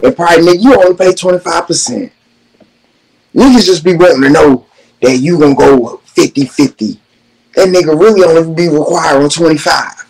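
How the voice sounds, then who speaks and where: A man's voice: on the high side, fairly quick, gravelly, background noise. A young man hosting a reaction video, giving blunt, profane commentary in a ranting way. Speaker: reaction host.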